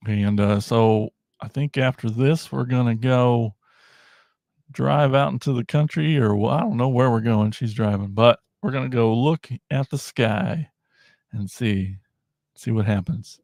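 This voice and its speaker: A man hosting a toy podcast livestream, chatting casually in a rambling, animated way and laughing often. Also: mid-range voice, measured pace, no room sound, clean studio sound. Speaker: podcast host.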